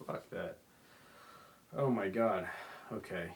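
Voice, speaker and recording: A man's voice: low voice, measured pace, music in the background. A young man hosting a rambling solo podcast, drunk and sleepy, slurring and apologizing as he talks. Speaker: podcast host.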